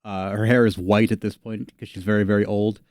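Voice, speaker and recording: Mellow-voiced male game master. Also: fairly low pitch, little pitch movement, brisk, no room sound, studio quality. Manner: casual, filler-heavy narration. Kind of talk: narrating a tabletop game.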